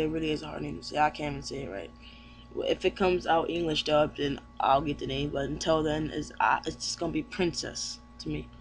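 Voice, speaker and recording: An anime reviewer with a high-pitched voice sums up a comic chapter, rambling loosely with plenty of fillers, trailing off and starting over. He comes across as relaxed and unscripted, and a faint hum sits in the background.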